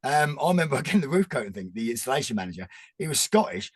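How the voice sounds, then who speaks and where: A man in his forties, a guest chatting casually, rambling and animated with frequent restarts. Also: medium pitch, fast talker, slightly rough, no echo. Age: 40s. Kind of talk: casual chat.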